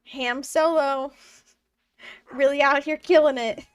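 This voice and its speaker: A woman's voice: sits high, steady tone, takes it slowly, no room sound, recorded from a distance. A woman in her twenties streaming a farming game from home, chatting casually with her chat and laughing often. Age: 20s. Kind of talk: casual live-stream chat while gaming.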